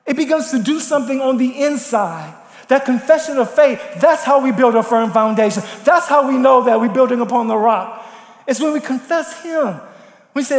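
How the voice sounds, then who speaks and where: Male preacher, very high voice, impassioned, moves from shouted appeals to near-whispered prayer; echoey church hall. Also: expressive, moderate pace. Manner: impassioned, swings from loud to hushed prayer. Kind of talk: sermon.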